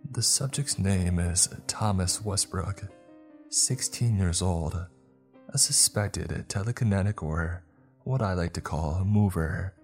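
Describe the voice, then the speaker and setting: A man voicing a cold, menacing teenage boy who speaks in a low, detached drawl. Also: slow, a little mellow, soft background music.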